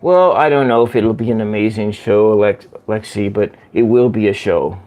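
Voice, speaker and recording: A man hosting a casual livestream from home, chatting slowly and rambling as he answers viewer comments. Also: on the low side, darkish tone. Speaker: livestream host. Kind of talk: casual live-stream chat with viewers. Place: at home by a window.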